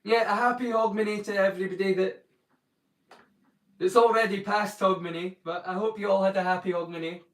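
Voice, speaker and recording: A man's voice: high-pitched, fairly even intonation, brisk, fairly bright tone, reverberant, distant mic. A man with a northeast Scottish accent chatting casually with viewers on a live stream, jokey and greeting people by name. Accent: Scottish, northeast (Doric). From northeast Scotland. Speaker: livestream watchalong host.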